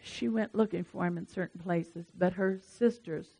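A pastor, preaching a sermon in a lively, emphatic way and speaking straight to the congregation. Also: medium pitch, normal speed, vocal fry, breathy edge.

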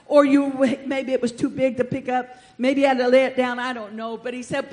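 Woman pastor, fervent call-and-response preacher, high pitch. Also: brisk, few pauses. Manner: fervent, building to shouts. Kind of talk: sermon.

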